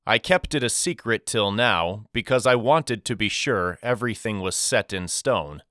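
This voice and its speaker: A man voicing a loving, soft-spoken father talking to his two sons in an audiobook. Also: lowish voice, animated, normal speed, no echo, studio quality. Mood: tender. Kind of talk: audiobook character reading.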